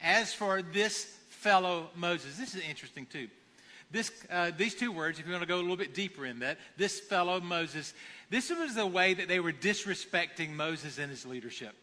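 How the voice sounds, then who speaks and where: A man's voice: on the high side, expressive, brisk, pushed and bright, in a large hall. A man preaching a conversational sermon, acting out quoted lines as he goes.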